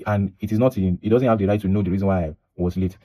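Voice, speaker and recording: A man's voice: deep voice, steady tone, fast talker, dark tone. A young Nigerian man with a Nigerian accent, telling a personal story in a casual, rambling way, restarting and repeating himself and slipping into Pidgin. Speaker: vlogger.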